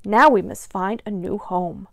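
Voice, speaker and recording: A woman's voice: mid-range voice, a little slow, creaky, dry recording, clean studio sound. A woman doing a wise tiger queen. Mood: weary. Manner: gentle, advising.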